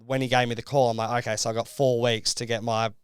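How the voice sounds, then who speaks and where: Rambling young Australian man, smooth voice. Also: mid-range voice, little pitch movement, fast, no room sound, studio quality. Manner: rambling, filler-heavy storytelling with lots of "like". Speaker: reality show contestant guest. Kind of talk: casual podcast interview.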